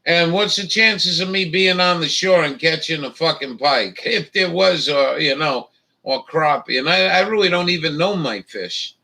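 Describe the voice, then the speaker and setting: A man's voice: fairly high pitch, normal speed, creaky, bright, forceful tone, recorded from a distance, poor audio. A man hosting a casual chat, rambling and swearing a lot, with many fillers. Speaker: livestream host.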